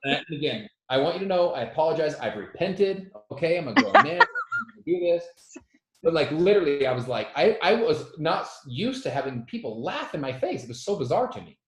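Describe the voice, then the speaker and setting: A man in his thirties telling a personal story as a motivational speaker, animated and self-deprecating, who acts out the quotes loudly. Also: a little high, fairly quick, hardly any pauses, roomy sound, rough recording. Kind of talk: storytelling talk.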